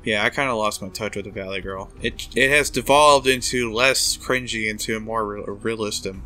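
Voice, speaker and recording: Bright-voiced man rambling over a game. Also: on the low side, normal speed, faint music behind. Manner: wry, rambling, reads dialogue aloud. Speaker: let's play host. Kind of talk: casual gameplay commentary.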